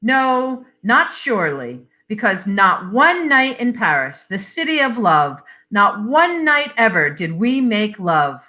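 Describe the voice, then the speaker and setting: A woman reading out an impulsive middle-aged husband, blunt and bitter, in clipped, insistent bursts. His lines swing with a lively, bright tone and an unhurried pace. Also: medium pitch, exaggerated voice.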